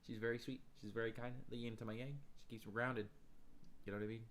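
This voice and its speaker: Energetic chatty man hosting a home livestream. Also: mid-range voice, fast talker, a little hiss or hum. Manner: energetic, chatty, laughs often. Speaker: livestream host. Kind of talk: casual livestream chat.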